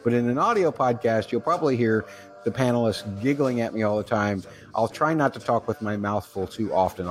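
Male podcast host, solo recap, casual rambling delivery, faint music underneath. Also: fairly low pitch. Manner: chatty, rambling with fillers.

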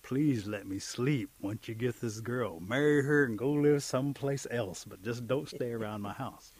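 A man's voice: medium pitch, moderate pace, a little mellow, breathy edge, no room sound, close to an everyday voice. A man voicing a grumpy, sleepy male mole with magic powers in a folk tale.

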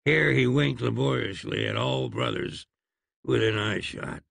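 A man narrating an audiobook in a wry, measured storytelling manner. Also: mid-range voice, very animated, creaky, a bit bright, husky, no room sound, clean studio sound.

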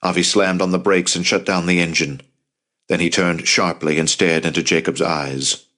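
A man narrating an audiobook in a steady, measured reading voice. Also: deep voice. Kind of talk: scripted narration.

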